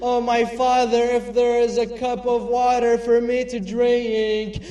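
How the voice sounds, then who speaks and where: A man's voice: extremely high pitch, monotone, a little slow, warm tone. A man chanting the lament of an exhausted young warrior begging his father for water. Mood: pleading, exhausted. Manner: sung lament. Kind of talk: chanted mourning recitation. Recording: echoey hall from far off, faint music.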